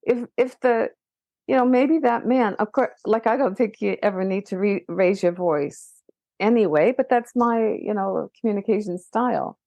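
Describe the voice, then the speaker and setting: A woman guest on a parenting podcast, talking in a lively way with many restarts and rising emphasis. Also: mid-range voice, normal speed, dry recording, lo-fi sound. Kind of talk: casual conversation.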